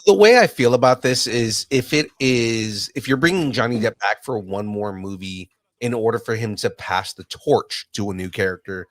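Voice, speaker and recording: A man's voice: on the low side, fairly bright tone, no room sound, studio quality. A man hosting a casual pop culture podcast, chatting and reading news items aloud with jokes. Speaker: podcast host. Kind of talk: casual chat.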